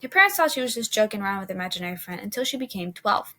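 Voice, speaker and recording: A woman reading a horror story aloud in an unhurried way, with small restarts. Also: mid-range voice, big pitch swings, vocal fry, sharp tone, slight background noise.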